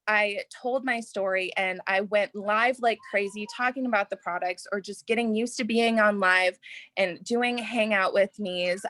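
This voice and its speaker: A woman's voice: medium pitch, sharp tone, no room sound. Earnest young woman telling her story. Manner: earnest, emotional, halting. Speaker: guest. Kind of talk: personal story on a video call. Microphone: video call.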